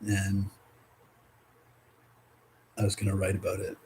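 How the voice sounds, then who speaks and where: A man in a casual spiritual vlog, reading oracle cards aloud, rambling and swearing, with loud and soft stretches. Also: sits low, completely flat delivery, unhurried, slight background noise, rough recording. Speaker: spiritual card reader.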